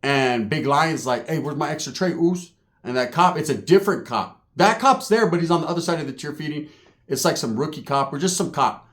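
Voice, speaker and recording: A man telling a prison story in a casual, profane, jokey way, swinging between loud and hushed. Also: on the high side, expressive, fairly quick. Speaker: storyteller recalling prison time.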